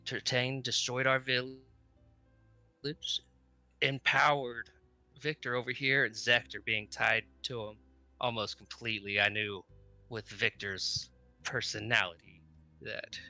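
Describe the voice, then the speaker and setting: A father and mechanic tells of home in halting, thoughtful speech, voiced by a man at a tabletop game. The tone is very bright and forward, and soft music plays far behind. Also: medium pitch, fairly even intonation. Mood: somber. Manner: halting, reflective storytelling in character. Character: grizzled adult male mechanic and father. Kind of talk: in-character backstory at a tabletop game.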